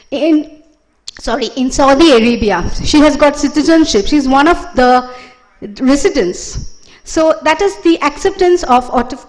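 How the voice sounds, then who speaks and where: A woman giving a conference presentation as a lecturer, explaining with fillers and self-corrections. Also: high-pitched.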